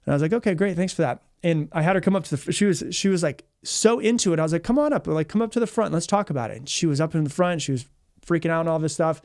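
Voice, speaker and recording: A man hosting a podcast as a mindset coach, telling a story in a fast, energetic way, often repeating himself and acting out what people said. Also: on the high side, no room sound, clean studio sound.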